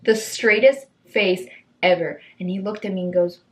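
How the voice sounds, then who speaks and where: A young woman vlogging, telling funny stories in a chatty, animated way and acting out the people in them. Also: medium pitch, normal speed. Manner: chatty, animated, acts out voices in quotes. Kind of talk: casual storytelling.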